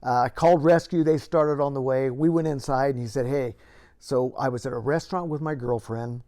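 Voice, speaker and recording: An older man who retired from the police force tells the camera a story from his career, building lively moments into it. His voice sits in the mid range.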